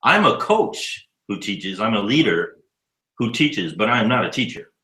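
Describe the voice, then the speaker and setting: Man, 50s, expressive, bright tone, roomy echo, casual cursing storyteller. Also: on the low side, moderate pace. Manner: animated, profane storyteller acting out dialogue. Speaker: interviewee, educator living abroad.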